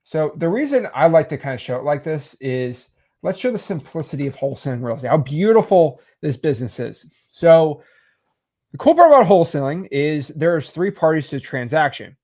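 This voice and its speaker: A man's voice: a little high, a little fast. Upbeat man explaining deals on a sketch pad. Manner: animated, salesy, with restarts. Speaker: real estate teacher. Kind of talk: casual whiteboard explainer.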